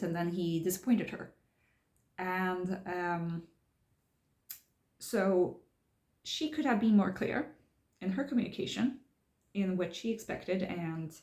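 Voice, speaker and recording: A woman's voice: on the low side, darkish tone. A woman casually talking through a book she is reading, explaining it step by step as she thinks aloud. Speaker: channel host discussing a self-help book. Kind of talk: casual spoken book commentary. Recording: roomy echo.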